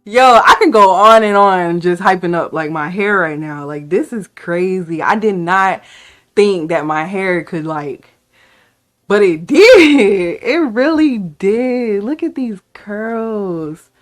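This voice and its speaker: A woman vlogger talking casually to camera in a playful, excitable way, hyping herself up. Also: lowish voice, measured pace. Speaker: beauty vlogger.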